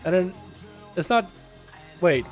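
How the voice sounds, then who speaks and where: A male streamer giving rapid, chatty play-by-play commentary on a game livestream, with rambling asides. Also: high voice, expressive, soft background music.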